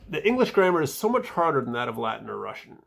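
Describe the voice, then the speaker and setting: Gravelly, husky-voiced man with wry humor. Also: medium pitch, very animated, quick pace. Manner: fillers and soft mumbled asides. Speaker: vlogger reading his own footnotes. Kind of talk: casual reading with asides.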